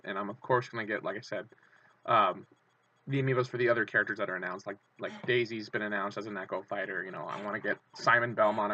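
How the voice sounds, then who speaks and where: A man hosts his own channel and talks through excited fan commentary, rambling and restarting with plenty of fillers. His voice is bright and forceful and sits at an ordinary pitch. The audio is dry and close, with a dull, lo-fi sound. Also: dry recording. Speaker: channel host.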